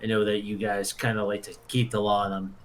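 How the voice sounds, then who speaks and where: A man's voice: on the low side, flat delivery, fairly quick, a little hiss or hum. A man playing a tabletop game. He talks in a rambling way and laughs often. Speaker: player. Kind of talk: tabletop role-play.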